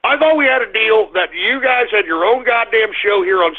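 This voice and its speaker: A man's voice: high-pitched, normal speed, few pauses. A man hosting a live radio show, griping and blustering at his listeners. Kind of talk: live call-in radio rant. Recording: tinny phone-like sound.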